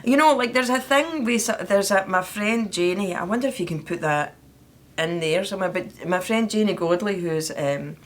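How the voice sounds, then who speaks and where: A woman's voice: mid-range voice, normal speed. A Scottish woman hosting a casual chat, chatty and teasing. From Scotland. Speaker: host. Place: indoors, at home.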